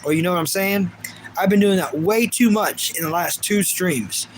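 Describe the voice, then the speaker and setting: Guy in his 30s rambling on a livestream, pretty high voice, some faint noise behind. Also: normal speed. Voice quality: rambling and chatty, with frequent restarts. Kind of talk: casual chat reading live comments.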